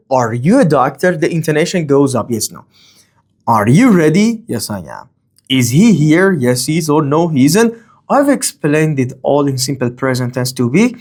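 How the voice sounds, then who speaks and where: A man teaching a grammar lesson, speaking, often pausing on okay and uh and reading example sentences with a lifted tone. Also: medium pitch. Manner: explains slowly with many fillers and okays. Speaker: language teacher.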